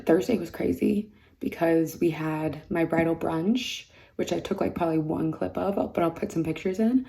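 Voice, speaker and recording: A woman rambling casually in a vlog, her voice going hoarse, with many fillers and "like"s. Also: sits low, normal speed, dark tone. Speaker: bride vlogging her wedding week. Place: mud room indoors.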